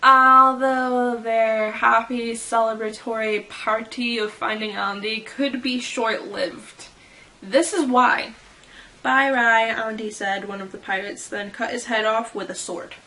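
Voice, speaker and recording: A woman's voice: on the high side, steady tone, a little slow, bright, forceful tone. A woman chatting casually as a fan vlogger, reading fan fiction quotes aloud and giggling about how people would react. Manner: giggly and playful.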